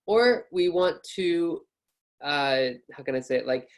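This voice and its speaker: A man's voice: fairly high pitch, lively intonation, measured pace. Upbeat American man teaching a lesson. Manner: upbeat, chatty, with fillers and restarts. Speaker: ESL and test-prep teacher. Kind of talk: casual online lecture.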